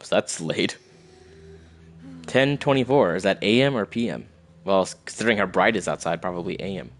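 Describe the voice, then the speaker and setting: A man whose voice sits low streams a game playthrough with casual live commentary at a fairly quick pace. He reads in-game messages aloud and adds slangy quips.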